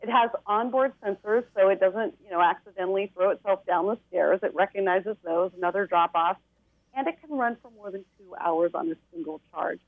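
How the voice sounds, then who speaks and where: A woman's voice: medium pitch, a little fast, no room sound. A woman giving a bubbly, enthusiastic rundown as a tech expert guest on a TV segment, laughing now and then. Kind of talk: TV segment interview, product rundown. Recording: tinny phone line.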